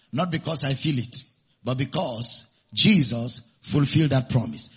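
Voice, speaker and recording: A man's voice: fairly high pitch, a bit bright, husky, highs cut off. A man preaching a sermon and leading the congregation in call-and-response declarations. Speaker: pastor.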